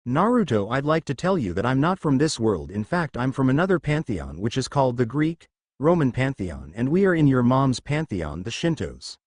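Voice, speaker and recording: A man voicing a calm, measured godly father figure in a fan fiction reading. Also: mid-range voice, dry recording.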